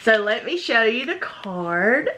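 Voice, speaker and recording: Woman vlogger, high and lively, slow gushing delivery, bright tone, faint background noise. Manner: gushing, gasping with delight. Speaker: vlogger unboxing a gift box. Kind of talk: casual unboxing vlog.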